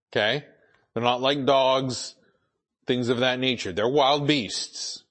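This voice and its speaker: A man's voice: medium pitch, fairly bright tone. Man preaching in a chatty manner. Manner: conversational preaching with frequent restarts and asides. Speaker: pastor. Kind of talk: sermon.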